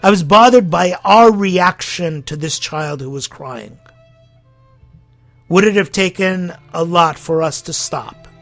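A man preaching a sermon as pastor, impassioned and full of rhetorical questions, swinging between loud appeals and hushed lines. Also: sits high, takes it slowly, dry recording, faint music behind.

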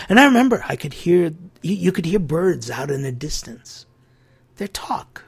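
A man's voice: a little high, sing-song, normal speed, creaky, breathy edge. A man hosting a religious talk show, telling a story in an earnest, reflective way that sometimes drops almost to a whisper. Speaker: host.

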